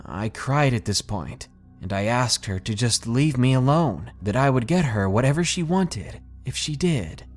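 A man reading first-person scary stories in a steady, scripted narration with dramatic pauses. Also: mid-range voice. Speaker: storyteller reading submitted stories.

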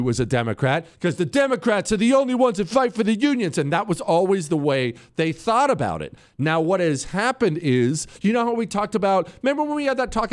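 A middle-aged man hosting a political talk show, delivering an opinionated monologue and calling out to his producers and listeners. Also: sits high. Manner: animated, opinionated, addresses producers and listeners directly.

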